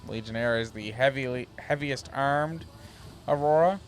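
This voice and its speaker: A man streaming a space game, chatting casually and reading ship descriptions aloud in a relaxed, slightly halting way. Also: mid-range voice.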